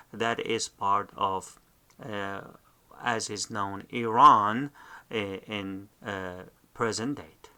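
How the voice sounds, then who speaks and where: Slow, halting man teaching a language. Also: fairly low pitch, pushed and bright. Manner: slow, halting, many fillers and restarts. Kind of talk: unscripted lesson.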